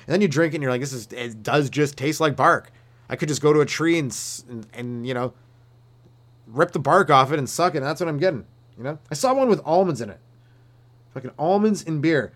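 A young man with a voice pitched a little high rants his way through a stand-up bit. He rambles, swears freely and slips into goofy put-on voices. The delivery is loose and conversational. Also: lively intonation, a little fast, fairly bright tone. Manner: rambling, profane, acts out silly voices. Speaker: stand-up comedian. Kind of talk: solo comedy rant.

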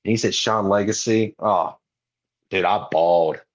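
This guest wrestler in his twenties has a deep voice and speaks a little slowly. He's telling a story on a podcast in a casual way, animatedly doing other people's lines, and the recording sounds muffled and lo-fi.

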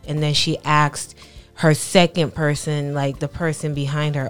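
A young woman co-hosting a podcast, telling a personal story in a halting, soft-spoken way, with many pauses and fillers, raw with emotion. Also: low-pitched, level tone, faint music behind. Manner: tender, emotionally raw recounting. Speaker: podcast co-host.

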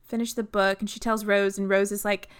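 A woman's voice: mid-range voice, level tone, fairly quick, clear, resonant tone. A woman co-hosting a book podcast, retelling the plot with blunt sarcasm and casual swearing. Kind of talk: casual book recap chat.

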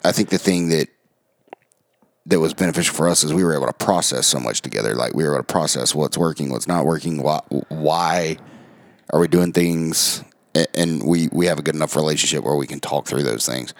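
A man co-hosting a podcast, agreeable and thinking out loud in casual chat. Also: extremely low pitch, a little fast. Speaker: podcast co-host.

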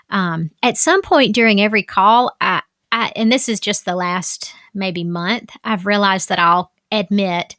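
A woman's voice: medium pitch, measured pace, hardly any pauses, sharp tone, dry recording, clean studio sound. A middle-aged woman hosting a podcast, talking in a candid, chatty way with asides and fillers. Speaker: podcast host. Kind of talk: casual solo podcast talk.

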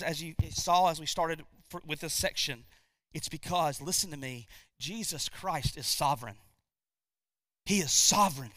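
A man preaches with a very high, sharp, bright voice, recorded close and dry. He is emphatic, repeats his key lines and asks the congregation questions. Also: no room sound. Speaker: pastor. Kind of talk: sermon.

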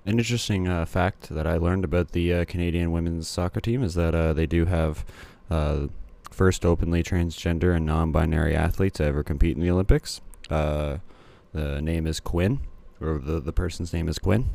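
A man's voice: low-pitched, fairly even intonation, moderate pace, creaky, dark tone. A young man casually recapping sports results, rambling with many fillers and blunt asides. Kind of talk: casual solo commentary.

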